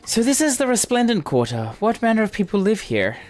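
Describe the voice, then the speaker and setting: A small, curious woman scholar guides the way through a fantasy game city, as a man reads her lines, explaining things in a steady, measured voice. The pitch sits raised, with a lively rise and fall. Soft game music plays behind.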